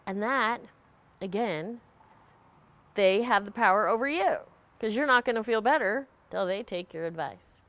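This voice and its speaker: A woman's voice: mid-range voice, a bit bright, slight background noise. A woman leading a group, giving a conversational motivational talk and acting out short quoted voices. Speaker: group leader.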